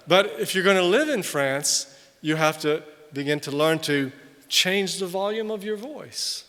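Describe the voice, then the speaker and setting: An older man, a missionary, giving an animated conference sermon, loud on emphasis and quiet in asides. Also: high voice, measured pace. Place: large hall. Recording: long hall reverb from a distance.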